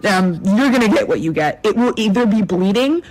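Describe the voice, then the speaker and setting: A restaurant server rants about customers in a dry, sarcastic way, ticking off complaints one after another. The delivery is deadpan and casual throughout. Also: medium pitch, brisk, poor audio. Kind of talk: casual ranting vlog.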